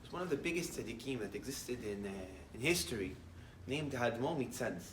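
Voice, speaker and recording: A man's voice: medium pitch, expressive, moderate pace, echoey room, far from the mic, a little hiss or hum. A man giving a short morning sermon as a rabbi, telling a story in English with many Hebrew terms and building up to emphatic declarations.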